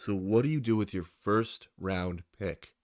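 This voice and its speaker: A man with a low-ish voice gives casual, opinionated football draft commentary to his viewers. He sounds tired from the late hour but gets excitable. The sound is dry and close, with no room around it. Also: measured pace, no echo. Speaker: sports YouTuber.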